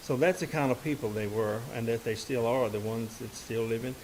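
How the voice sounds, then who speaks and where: A man's voice: mid-range voice, fairly quick, low-quality recording. A man, a musician and bandleader telling a story to a live audience from the stage. He talks in a folksy, rambling way, with lots of "and, uh" restarts.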